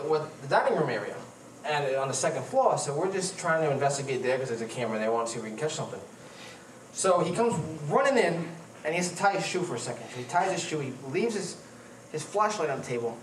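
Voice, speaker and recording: A paranormal investigator telling funny stories at a conference, animated and laughing at himself. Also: male voice, on the high side. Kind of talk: conference talk, storytelling. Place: conference hall. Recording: echoey hall, far from the mic, noisy.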